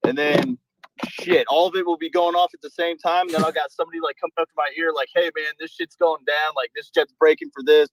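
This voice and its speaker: A man's voice: on the high side, no room sound, poor audio. A man working as an aircraft maintenance supervisor, chatting casually and profanely on a group call from his job on an air base. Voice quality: profane, rambling, says he talks fast.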